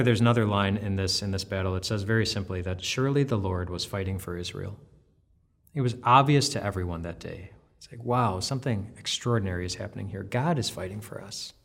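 Low-voiced pastor giving a devotional. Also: male voice. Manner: earnest, conversational, frequent restarts. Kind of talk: devotional teaching.

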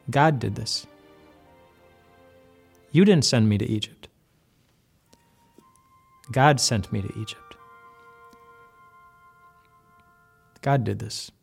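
A man putting on a strained, high-pitched pleading brother. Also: unhurried, gravelly, pauses often, darkish tone, slightly rough, soft background music. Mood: earnest. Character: grown man overcome, revealing himself to his brothers.

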